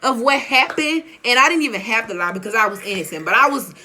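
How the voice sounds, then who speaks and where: A young woman telling a story in a casual, animated and slangy way, often laughing. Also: on the high side, quick pace, a little hiss or hum. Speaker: vlogger.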